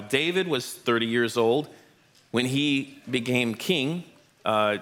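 A man's voice: mid-range voice, a bit bright. A man leading a family Bible lesson in church, praising and joking with the children. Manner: encouraging, playful with kids. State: out of breath. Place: church hall with audience.

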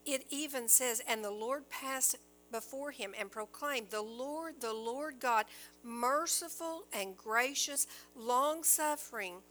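A woman teaches from the Bible in an earnest sermon, reading passages aloud and then explaining them. Her voice is bright and fairly high, and she speaks slowly, pausing and restarting now and then. A faint hum sits under the recording. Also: low-quality recording.

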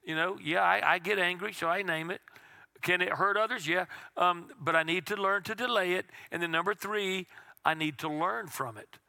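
Man preaching, high voice, very bright and forceful tone, folksy conversational sermon, rhetorical questions. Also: steady tone, normal speed, gravelly, no echo, studio quality. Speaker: pastor. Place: church sanctuary.

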